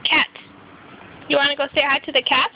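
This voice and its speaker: A woman's voice: sits high, level tone, a little fast, background noise. A woman filming on a phone, coaxing and encouraging a toddler in sing-song baby talk. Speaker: parent or caregiver filming a toddler. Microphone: phone camera. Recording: dull lo-fi phone recording.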